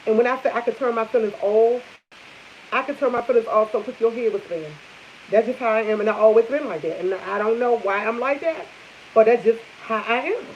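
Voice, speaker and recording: A woman's voice: on the high side, a little fast, a little hiss or hum. A young adult woman chatting casually to her viewers, blunt and emphatic, repeating her points for force. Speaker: vlogger. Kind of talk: casual chat to camera. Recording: dull lo-fi audio.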